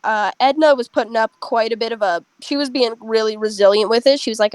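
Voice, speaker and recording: A young woman casually telling a rambling, animated story to friends over a headset. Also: on the high side, fast talker, smooth, no room sound, low-quality recording. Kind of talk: casual chat.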